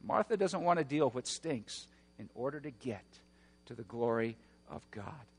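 A man preaching a sermon, moving between hushed, slow passages and loud, roaring emphasis. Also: mid-range voice, expressive, breathy edge, in a large hall. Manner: dynamic preaching, swings from hushed to shouting. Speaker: pastor.

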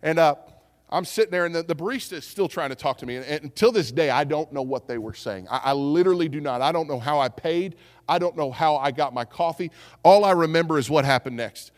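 A pastor gives a sermon in a church sanctuary, his voice on the high side and his pace quick. His storytelling is animated and he acts out voices, with the hall's long reverb ringing around him.

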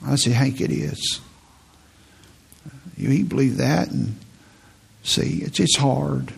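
A middle-aged male pastor preaches a sermon slowly, telling stories in an earnest, pastoral manner. His medium-pitched voice is gravelly and husky, and a large hall gives it a long reverb.

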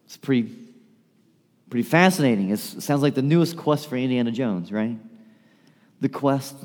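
A man's voice: mid-range voice, mellow, long reverb tail. A male pastor preaching a sermon in a conversational way, turning to the congregation with rhetorical questions.

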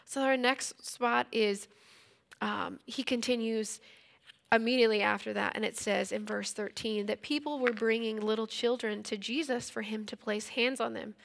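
Woman in her 30s going through a bible passage, kinda high voice with a lot of vocal fry, chatty and relaxed. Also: moderate pace. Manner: conversational, retells scripture in everyday speech. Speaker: Bible study teacher. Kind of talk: casual devotional teaching.

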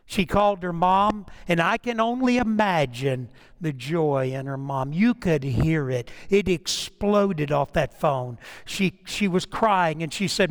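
A pastor preaches in a notably high-pitched voice. He tells his stories in a loose, conversational way, often restarting his sentences. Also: unhurried, hardly any pauses. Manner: storytelling, conversational with frequent restarts. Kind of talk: sermon.

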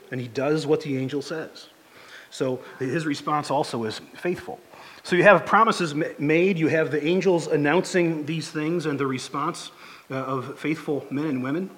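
Male pastor, sermon delivery, slightly higher voice, loose conversational phrasing with stumbles and restarts. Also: a bit bright. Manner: conversational, halting, many restarts and fillers.

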